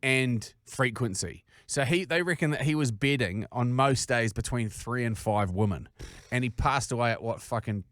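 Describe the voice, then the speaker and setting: A man with a New Zealand accent, co-hosting a podcast and telling sweary, animated stories in casual chat. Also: mid-range voice, normal speed, dry recording, clean studio sound. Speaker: podcast co-host.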